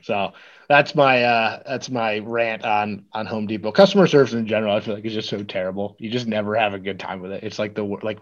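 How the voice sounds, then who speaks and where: A man co-hosts a podcast, spinning a long, loose, rambling story packed with filler words in casual chat. His voice is lowish and brisk, and the audio has its highs cut off.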